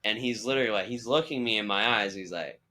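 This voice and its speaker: A man's voice: lowish voice, fast talker. A young man hosting a podcast, chatting casually and acting out the people in his stories. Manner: animated storytelling, acting out quoted voices. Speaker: podcast host. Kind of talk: casual chat.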